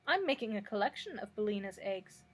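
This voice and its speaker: A woman voicing a gentle, kindly male scarecrow in a mild, husky voice. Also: mid-range voice, big pitch swings, brisk.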